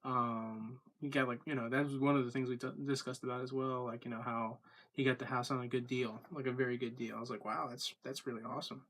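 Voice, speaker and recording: Man, video diary, monotone delivery, chatty rambling, frequent ums and uhs. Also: mid-range voice, fast talker. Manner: rambling, many fillers and restarts. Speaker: vlogger. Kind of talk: casual daily video diary.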